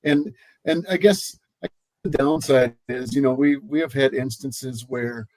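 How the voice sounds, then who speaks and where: A man's voice: medium pitch, a little slow, darkish tone, no echo, rough recording. Earnest man, search-and-rescue sheriff. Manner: earnest, repeats words while telling a story. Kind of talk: casual panel talk.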